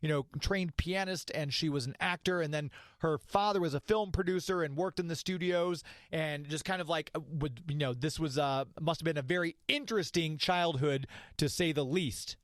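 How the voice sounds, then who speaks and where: A man's voice: a little high, normal speed, no room sound, studio quality. A man hosting an interview podcast, asking long rambling questions with many fillers. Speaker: podcast host. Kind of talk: casual interview.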